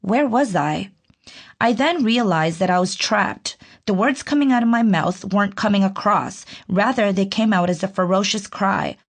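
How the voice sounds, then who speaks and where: A woman narrating her own audiobook in an earnest, reflective, measured way. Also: medium pitch. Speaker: author reading her own book.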